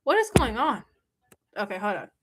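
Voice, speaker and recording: A woman hosting a live stream, chatting with her viewers, reading out their comments and answering them in an animated, scolding way. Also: a little high, normal speed, background noise.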